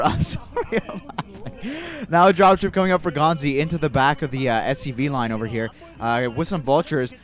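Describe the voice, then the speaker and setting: Laid-back young man casting a game. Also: medium pitch. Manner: rambling, relaxed, self-correcting. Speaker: amateur esports caster. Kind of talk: casual play-by-play game commentary.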